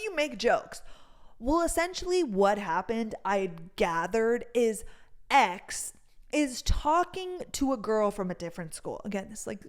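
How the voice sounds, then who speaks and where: A young woman hosting a podcast and telling a long story in casual chat, full of fillers and swearing. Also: fairly high pitch. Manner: chatty, fills with "like", swears freely. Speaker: podcast host.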